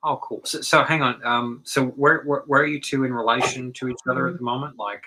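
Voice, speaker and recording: A man's voice: medium pitch, fairly even intonation, a little fast, bright, forceful tone, poor audio. A man chatting casually on a late-night online call, hesitant and full of fillers. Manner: hesitant, many fillers and restarts. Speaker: guest.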